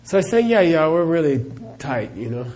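A man's voice: on the high side, sing-song, normal speed, a little mellow, slight background noise. A middle-aged man, a Buddhist teacher, answering questions in a live talk as a chatty storyteller who laughs often and says "you know" a lot.

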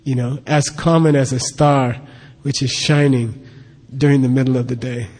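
A man's voice: mid-range voice, fairly even intonation, moderate pace, a little mellow. A man teaching a Buddhist text, explaining terms patiently and checking in with his listeners often. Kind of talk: lecture on a scripture. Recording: long hall reverb.

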